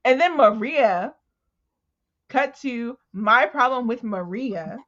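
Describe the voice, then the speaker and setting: A woman with a higher voice speaks slowly as a podcast co-host, chatting casually about a book. She retells scenes animatedly, acting out the characters' voices, and the recording has a dull lo-fi sound.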